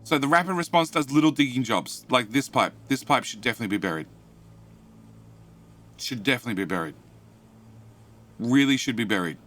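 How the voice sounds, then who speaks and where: A man's voice: medium pitch, animated, brisk, long pauses, fairly bright tone, a little hiss or hum. A man with an Australian accent chatting casually on a game live stream, rambling, repeating himself and muttering to himself while he plays and answers chat.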